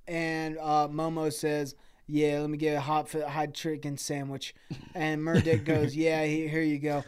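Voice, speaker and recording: A man's voice: a little high, flat delivery, a little slow, darkish tone, smooth. A man on a comedy podcast telling an improvised, profane story in loose slang. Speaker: podcast co-host.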